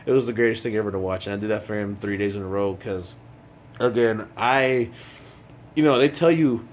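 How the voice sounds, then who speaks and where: Briskly and in a lowish voice, with a little hiss or hum on the recording, a man vlogs from indoors at night while away for work. His casual talk wanders and is full of profanity.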